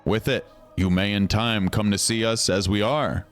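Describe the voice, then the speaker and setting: A man voicing an ominous masked emissary in a slow, solemn, lowered voice. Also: steady tone, faint music behind, close to an everyday voice. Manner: low, slow, solemn delivery, self-admittedly weak villain voice.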